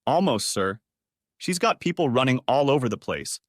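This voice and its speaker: A man voicing a loyal young female personal assistant who speaks briskly and dutifully. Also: mid-range voice, big pitch swings, dry recording, studio quality, natural voice.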